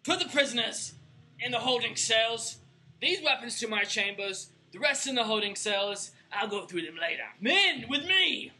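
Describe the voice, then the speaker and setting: A man's voice: high voice, very animated, slow pace, long pauses, pushed and bright, faint music behind, exaggerated voice. A man voicing a boastful, commanding male villain boss in a tabletop game. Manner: gloating, commanding.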